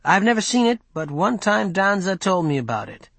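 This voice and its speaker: Man voicing a bold rebel leader, urgent, persuasive, fairly high voice. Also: big pitch swings, normal speed, gravelly, a bit bright, dry recording, exaggerated voice.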